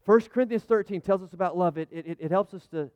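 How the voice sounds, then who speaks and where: Man, middle-aged pastor, chatty sermon, slightly high voice, calls for amens. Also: quick pace, a little mellow, dry recording. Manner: chatty, folksy, full of restarts and asides; jokes with the congregation, calls for amens. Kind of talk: conversational sermon with props.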